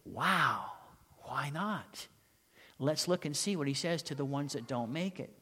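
Storytelling preacher in a reverberant hall. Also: male voice, a little high, lively intonation, pushed and bright, breathy edge. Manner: storytelling preacher, rhetorical questions, dramatic pauses. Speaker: pastor. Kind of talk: sermon.

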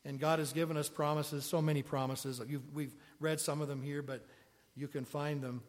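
Guy preaching a sermon in a big church, kinda high voice, long echo, chatty and asking the room questions. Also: level tone, moderate pace. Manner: conversational, asks the congregation questions. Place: church sanctuary. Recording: long reverb of a large hall.

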